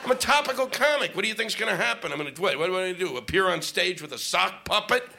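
A man's voice: sits high, lively intonation, quick pace, gravelly, background noise. A middle-aged male stand-up comic on stage, ranting in a sarcastic, profane way. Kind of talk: stand-up comedy set. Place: comedy stage before a live audience.

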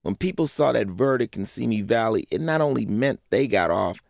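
A man's voice: on the low side, expressive, normal speed, gravelly, hardly any pauses, darkish tone, no echo, studio quality. A man narrating a personal essay in a blunt, profane way, often asking rhetorical questions. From Los Angeles, USA.

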